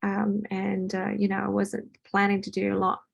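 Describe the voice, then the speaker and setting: A woman's voice: mid-range voice, completely flat delivery, normal speed, gravelly, husky, lo-fi sound. A woman hosting a casual home chat, talking loosely with lots of ums and restarts. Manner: chatty, many ums and restarts. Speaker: host. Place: home with a party in another room.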